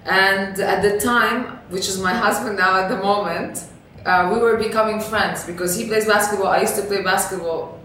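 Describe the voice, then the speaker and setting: A woman's voice: medium pitch, normal speed. A young woman, a non-native English speaker, tells a personal story as a podcast guest, talking casually with lots of fillers and laughs. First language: not English. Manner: animated, laughing, many fillers like "like". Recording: echoey room, distant mic, faint noise.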